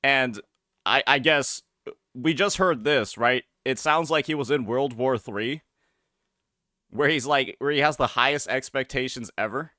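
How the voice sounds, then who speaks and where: A man's voice: medium pitch, unhurried, bright, forceful tone, no echo, studio quality. A man streaming a reaction to a video, talking casually and hesitantly, often restarting his sentences and asking questions.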